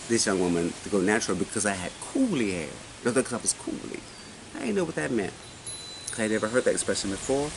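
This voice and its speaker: A man in his forties telling a personal story in casual chat, animated and often asking his listener questions. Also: mid-range voice. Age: 40s. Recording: noisy recording.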